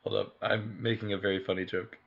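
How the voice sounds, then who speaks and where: A man's voice: fairly low pitch, level tone, quick pace, vocal fry. A man co-reading fanfiction for laughs, laughing and making teasing remarks on a dull mic. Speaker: co-reader.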